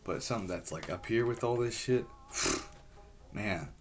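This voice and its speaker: A man in a rambling personal monologue, halting and frustrated, swearing heavily as he talks. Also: on the low side, background noise.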